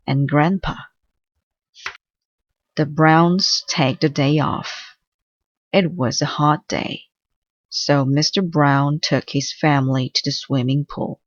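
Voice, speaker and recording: A woman reading a children's storybook aloud in a slow, clear read-aloud manner. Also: sits low, dry recording, lo-fi sound. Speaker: storybook reader.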